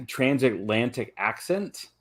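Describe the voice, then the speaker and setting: Measured man explaining calmly. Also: mid-range voice, creaky, husky. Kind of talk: casual chat.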